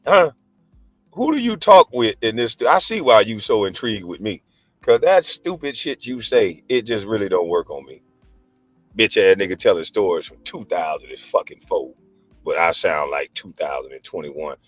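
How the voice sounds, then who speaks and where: A livestream host in his forties, a former pro basketball player, goes on a heated rant, cursing, mocking and laughing scornfully in a combative manner. His lowish voice swings widely in pitch at normal speed, with no room sound and faint music behind.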